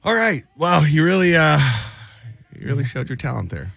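A man's voice: fairly high pitch, big pitch swings, gravelly, a bit bright, slightly rough, no echo, clean studio sound. A male radio host joking through casual banter with callers and a co-host. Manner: wry, joking, quick asides.

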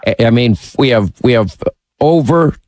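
A man hosts a talk radio show, holding forth in emphatic, opinionated runs and ribbing his callers. His voice sits at an ordinary male pitch, close and dry in a studio booth. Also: expressive, normal speed, a little mellow, dry recording, poor audio. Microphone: studio mic.

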